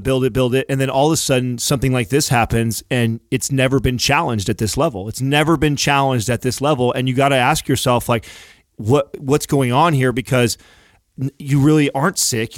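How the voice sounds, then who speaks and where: A man's voice: mid-range voice, no room sound, clean studio sound. A man in a candid podcast talk, speaking earnestly and reflectively and swearing casually. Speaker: podcast host.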